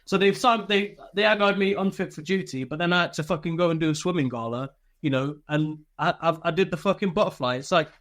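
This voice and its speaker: A man's voice: on the high side, quick pace, fairly bright tone, no echo. A man, telling candid stories from army life as an interview guest, swearing freely and laughing through them. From Britain. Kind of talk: casual interview storytelling.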